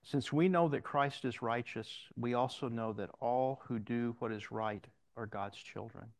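A man's voice: mid-range voice, a little slow, dry recording. An older man preaching a sermon in a conversational storytelling way, mixing personal anecdotes with scripture references.

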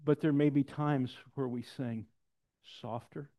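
A man's voice: mid-range voice, unhurried. Pastor guy preaching, tells stories, does little voices, kinda dull muffled recording. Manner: storytelling, animated quotes, drops to soft intensity. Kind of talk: sermon. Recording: dull lo-fi sound.

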